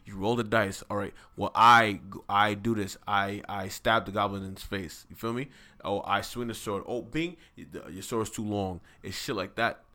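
A man's voice: on the low side, fairly even intonation, moderate pace, pushed and bright. A man co-hosting a casual anime talk, telling the story with lots of slang and swearing. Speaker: podcast co-host.

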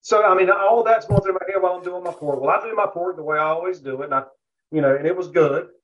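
A man's voice: sits high, fast talker, slight background noise. A man, a guest on a barbecue podcast, telling a rambling story in a casual interview, full of fillers and asides. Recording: dull lo-fi audio.

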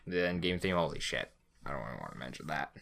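Homem grave e falador, voz brilhante. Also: male voice, very deep voice, lively intonation, fast, creaky, fairly bright tone. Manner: rambling storyteller, swears a lot. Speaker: podcast co-host. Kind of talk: casual podcast chat.

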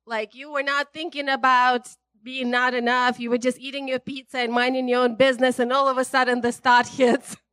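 A woman preacher giving a casual, conversational sermon, chatty and animated, often checking in with "right?" and laughing. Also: sits high, brisk, few pauses, no echo.

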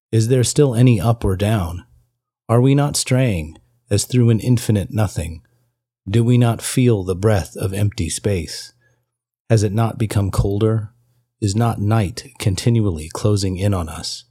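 A man's voice: fairly low pitch, warm tone, breathy edge. A podcast host reading the part of a frantic man who proclaims God is dead, delivered as solemn, declaiming rhetorical questions.

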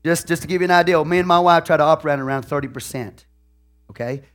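He's a Texan pastor preaching quickly in a voice on the high side. The sermon is folksy, full of "okay?" and "hallelujah," and swings between gentle asides and loud shouts.

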